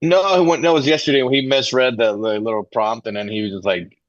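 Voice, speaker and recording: Man, podcast co-host, rapid blunt slang, lowish voice, dull lo-fi dry sound. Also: fairly even intonation, no echo. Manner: fast, blunt, profane slang. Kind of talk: casual comedic chat.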